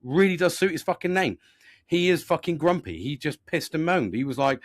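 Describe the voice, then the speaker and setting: A man's voice: medium pitch, fast talker, no room sound, clean studio sound. A man on a casual podcast, telling a story and venting with lots of swearing. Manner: animated, swears a lot, rising to loud exasperated rants. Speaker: podcast host.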